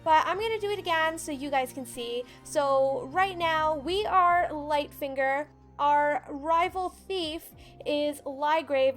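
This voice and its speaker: Brief: female let's play host, high voice, chatty walkthrough commentary, faint game music behind. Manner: chatty, explains controls and reads tutorial text aloud. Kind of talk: casual gameplay commentary.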